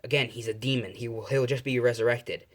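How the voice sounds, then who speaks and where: A man voicing a calm male demon who reasons with a friend, in an improvised spoken story. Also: mid-range voice, brisk, close to an everyday voice. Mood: questioning.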